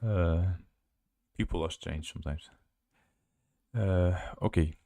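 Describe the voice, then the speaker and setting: Spelling out letters in a live language lesson, a Russian-accented man halts and searches for words. His voice sits low and has a warm tone.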